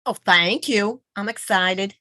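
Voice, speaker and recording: A woman's voice: mid-range voice, slow, sharp tone, no echo, clean studio sound. A woman who is a regular on a quilting video call, chatting casually and telling little stories with frequent laughs. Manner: chatty storyteller, laughs often. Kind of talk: casual chat.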